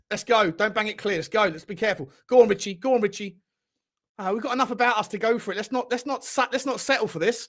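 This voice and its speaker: A man hosting a live football watchalong, excitable, shouting at players and swearing a lot. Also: high voice, normal speed, long pauses.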